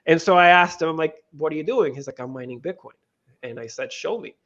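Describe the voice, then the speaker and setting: A man's voice: fairly high pitch, fairly quick, dull audio. Man, telling a story. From Venezuela. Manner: animated, many restarts and quoted dialogue. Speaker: guest, crypto lending co-founder. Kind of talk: casual storytelling interview.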